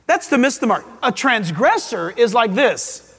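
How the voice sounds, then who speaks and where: High-voiced animated preaching man, church reverb. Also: measured pace, husky. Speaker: pastor. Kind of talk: sermon. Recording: long hall reverb.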